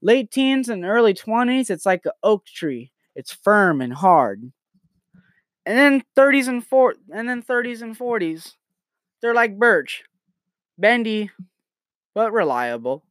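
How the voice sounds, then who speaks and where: A man's voice: high voice, sing-song, slow pace, fairly bright tone, dry recording, clean studio sound, voice pushed up, heavily acted. A young man voicing a middle-aged mother delivering a crude joke's punchline. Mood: matter-of-fact. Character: middle-aged mom explaining crude stages.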